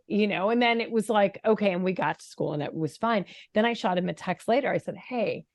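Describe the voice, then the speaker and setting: A woman in her forties, a dating coach hosting the interview, who tells stories in a chatty, animated way. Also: mid-range voice, fairly quick, no room sound, studio quality. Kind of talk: casual interview chat.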